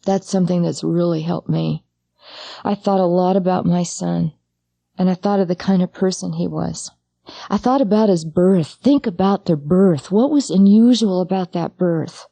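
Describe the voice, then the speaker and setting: A middle-aged woman, a psychologist and grieving mother, giving a personal talk on grief, speaking straight to the listener in a halting, intimate way. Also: on the low side, gravelly, warm tone, no room sound.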